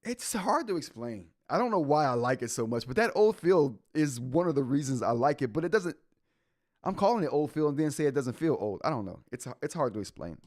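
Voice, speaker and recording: Animated man hosting a tech stream. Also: fairly high pitch, a little fast, dry recording, clean studio sound. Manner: reads update notes aloud and reacts to chat. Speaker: tech show host. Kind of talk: live-stream casual tech talk.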